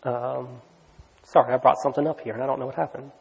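A man preaching a sermon in a conversational, excitable way, with lots of "like" and "you know". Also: mid-range voice, fast, gravelly, husky. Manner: conversational, filler-heavy, excitable. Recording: long hall reverb.

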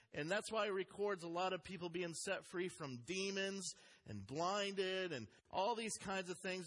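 A man's voice: sits high, a bit bright. A man preaching a sermon as a pastor, speaking earnestly and reading scripture aloud with emphasis. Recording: long hall reverb.

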